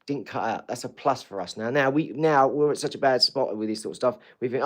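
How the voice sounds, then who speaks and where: A man's voice: mid-range voice, brisk. Chatty man hosting a livestream. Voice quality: chatty, rambling, repeats himself. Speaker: livestream host. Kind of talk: casual chat to viewers.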